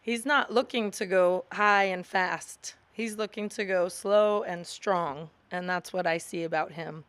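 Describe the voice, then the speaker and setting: Female supporter, smooth clear voice, dry close sound, measured delivery. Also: on the low side, steady tone, a bit bright, dry recording. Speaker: physical therapist endorsing a candidate. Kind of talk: informal spoken endorsement.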